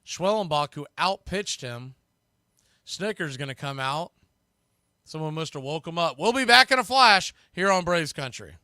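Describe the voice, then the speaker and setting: A man hosting fan play-by-play, rambling through opinionated asides between pitches on a close mic. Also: animated, normal speed, sharp tone, clean tone, dry recording. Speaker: host and play-by-play announcer.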